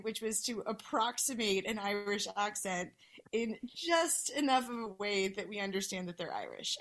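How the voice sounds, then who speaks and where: A woman on a podcast, talking bluntly. Her voice sits in an ordinary middle pitch. She swears casually, and her points come in quick, emphatic bursts. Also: a bit bright. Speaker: guest.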